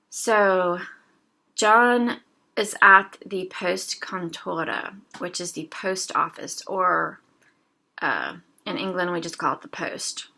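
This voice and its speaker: A woman teaching a language lesson, reading short dialogues aloud slowly and explaining each phrase, with a sore throat she keeps clearing. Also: fairly low pitch, sharp tone.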